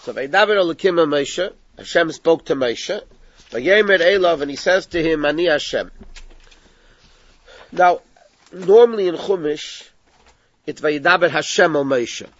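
A man's voice: a little high, measured pace, long pauses, fairly bright tone, no echo. A man teaching a text study class, explaining the passage step by step and mixing in Hebrew terms. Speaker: Torah teacher. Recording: dull lo-fi recording.

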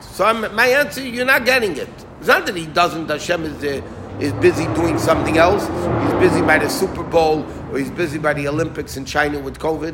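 A man giving an informal Torah talk as a rabbi, animated and folksy, sprinkling in Yiddish and Hebrew terms. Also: on the high side, background noise.

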